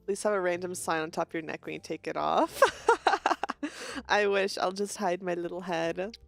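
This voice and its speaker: A young woman streamer with a stuffy nose, chatting casually and greeting viewers in a quick, bubbly way. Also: fairly low pitch, fairly even intonation, creaky, dry recording, faint music behind. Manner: fast-talking, bubbly, frequent laughs.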